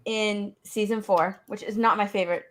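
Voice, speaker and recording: A woman's voice: mid-range voice, fairly even intonation, normal speed, a bit bright. A woman in casual chat, gushing about favorite scenes and acting out lines as she recalls them. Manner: gushing, quotes scenes in little acted lines. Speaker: podcast co-host.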